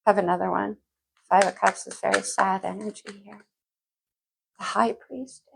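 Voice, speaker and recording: A woman with a husky, gravelly voice reads tarot cards in a loose, chatty way. She thinks out loud as she turns each card over and sometimes half-sings a line. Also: medium pitch, steady tone, normal speed, pauses often, rough recording. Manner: chatty, thinks aloud, sings lyrics softly. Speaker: tarot reader. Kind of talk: casual tarot reading.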